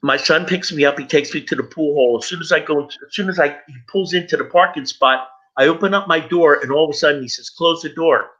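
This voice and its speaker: A middle-aged man gives an earnest personal testimony in a high, bright voice, speaking directly to the people listening. The recording sounds dull and lo-fi. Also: fast. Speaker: speaker sharing his recovery story.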